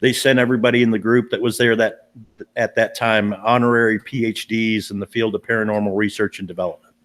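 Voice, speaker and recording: A man's voice: lowish voice, little pitch movement, quick pace, a bit bright. Earnest man telling a paranormal story. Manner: earnest and emphatic, repeating himself and restarting sentences. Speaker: paranormal investigator. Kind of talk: casual storytelling on a live stream.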